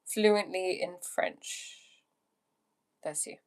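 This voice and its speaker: A woman's voice: on the low side, drawn-out words. A young woman with an English accent, chatting casually on a livestream, answering viewers and meandering between topics. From England. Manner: chatty, meandering, tries out French phrases. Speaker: livestream host.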